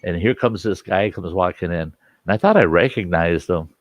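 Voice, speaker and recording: Low-voiced man spinning a rough story. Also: moderate pace, dry recording. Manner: animated anecdote with acted-out quotes. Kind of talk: casual storytelling.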